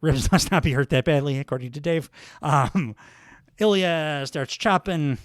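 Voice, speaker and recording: A man's voice: a little high, measured pace, no room sound. Rambling solo podcast man, dry mic. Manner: rambling, lots of fillers and self-corrections. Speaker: podcast host. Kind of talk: casual solo recap.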